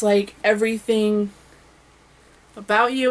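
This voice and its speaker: A woman's voice: on the high side, moderate pace, a bit bright, low-quality recording. A woman talking casually and eagerly about her reading list in a home vlog, with frequent fillers and self-corrections. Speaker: booktuber.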